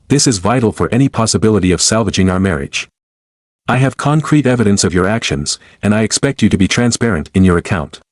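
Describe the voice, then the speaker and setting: Male narrator, low voice, dry close sound, formal and measured storytelling. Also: a little mellow, no echo. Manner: formal, measured, cold and deliberate. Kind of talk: first-person story narration.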